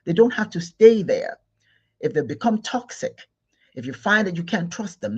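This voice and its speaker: Husky man giving a spiritual talk. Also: high-pitched, sing-song, moderate pace. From Igbo Nigeria. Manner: repetitive, emphatic, many restarts. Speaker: spiritual teacher. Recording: dull lo-fi recording.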